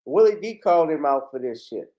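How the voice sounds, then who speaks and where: Indignant male livestream host, fairly high voice. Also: expressive, fairly quick, warm tone, dull audio. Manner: indignant and blunt, swears freely. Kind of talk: heated commentary.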